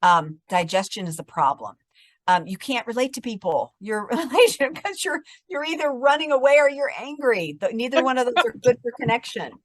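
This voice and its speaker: A middle-aged woman therapist explaining trauma responses in a conversational interview, telling stories and sometimes dropping to a calm soft voice. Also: a little high, fairly quick, no echo. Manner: explanatory, animated storytelling, drops to a calm soft voice when demonstrating.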